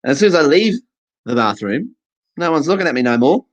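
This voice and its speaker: Animated Australian comic storyteller. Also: medium pitch, brisk, dull audio. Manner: animated, self-mocking, acts out voices. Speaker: stand-up performer, voicing a deaf comedian's set. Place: online festival stage.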